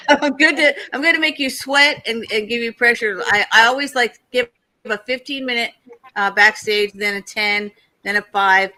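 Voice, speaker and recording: A woman's voice: on the high side, moderate pace, low-quality recording. A woman hosting a casual online talk show, chatty and storytelling, acting out the people in her stories. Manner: chatty, storytelling, quotes others in lively voices.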